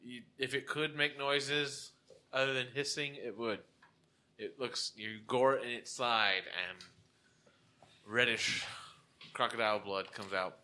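A man's voice: mid-range voice, steady tone, a little slow, bright, forceful tone. A man narrating a tabletop game as game master in a casual way, laughing often as he describes the scene.

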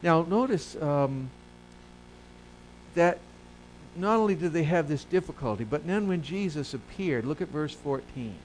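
A male pastor preaching a sermon who asks the congregation questions and answers them himself, moving between soft low asides and loud emphatic rises. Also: expressive, measured pace, long pauses, slight background noise, poor audio.

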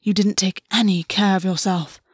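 A woman voicing a possessive, domineering male fae lord who speaks in a low purr and hisses his orders. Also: moderate pace, slightly rough, dry recording, clean studio sound, close to an everyday voice. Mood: cold commanding. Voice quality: low purring voice. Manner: quiet, commanding, hissing.

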